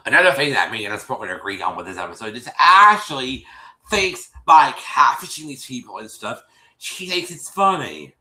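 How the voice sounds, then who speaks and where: A man's voice: medium pitch, big pitch swings, normal speed, pushed and bright. A man hosting a show, casually recapping a reality episode, rambling with many restarts and acting out quotes.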